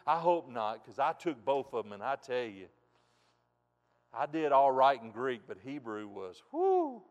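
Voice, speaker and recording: A man preaching a sermon in a folksy way, dropping soft and then rising loud and emphatic, from a church pulpit. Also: medium pitch, unhurried. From United States. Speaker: pastor. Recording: long reverb in a large hall.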